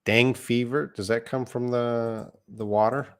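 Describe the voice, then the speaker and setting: A man's voice: medium pitch, steady tone, a little slow, a little mellow, smooth. A middle-aged man teaching a live online English lesson, patiently explaining words step by step and correcting himself as he goes.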